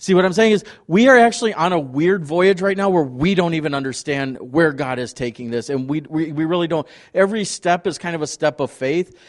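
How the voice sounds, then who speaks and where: A middle-aged man speaking as a visiting ministry leader at a church, telling stories in an excited, rambling way. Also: fairly high pitch, fairly quick, few pauses. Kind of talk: testimony talk to a congregation.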